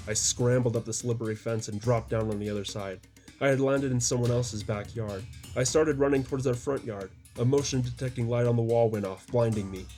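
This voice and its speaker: A man's voice: mid-range voice, warm tone. A man reading his own story aloud as audiobook narration, with mild voices for the quoted lines.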